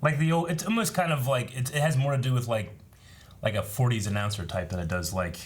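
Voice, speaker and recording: A man's voice: mid-range voice, quick pace. A man co-hosting a casual reaction chat, talking animatedly with lots of "you know" and "like". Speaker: show co-host. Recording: faint background noise.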